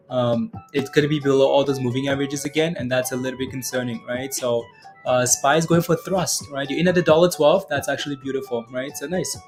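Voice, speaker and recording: A medium-pitched man runs a live day-trading stream, casually walking through charts and reading the chat. He's chatty and leans heavily on fillers and tag questions, constantly adding "right?" and calling viewers by name.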